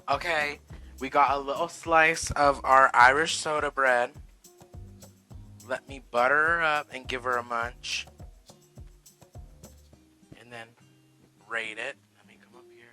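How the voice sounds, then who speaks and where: A bright, forward-sounding man chats sassily through a home cooking vlog. He swears freely and keeps calling his viewers "girl" and "honey". Faint music sits behind his voice in the kitchen. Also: mid-range voice, fairly even intonation, measured pace, long pauses, low-quality recording. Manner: sassy, profane, talks to viewers as "girl" and "honey". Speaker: cooking vlogger.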